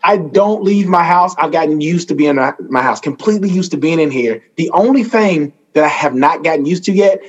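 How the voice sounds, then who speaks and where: Guy doing standup, high and bouncy voice, jokes about himself. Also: brisk, few pauses, dull audio. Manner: animated, self-mocking storytelling. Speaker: stand-up comedian. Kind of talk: stand-up set.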